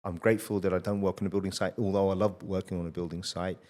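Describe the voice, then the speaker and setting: A middle-aged man hosting a podcast, telling blunt, energetic stories in casual conversation and swearing freely. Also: sits low, fast. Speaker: podcast host.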